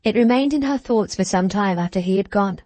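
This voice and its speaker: A woman narrating a classic novel as an audiobook in a measured, even storytelling manner. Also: mid-range voice, no room sound.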